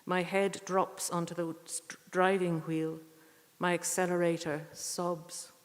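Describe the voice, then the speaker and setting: A woman giving a poetry reading with short spoken introductions, earnest and unhurried, with thoughtful pauses. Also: lowish voice, little pitch movement. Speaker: poetry reader at a tribute evening. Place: church. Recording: echoey church hall.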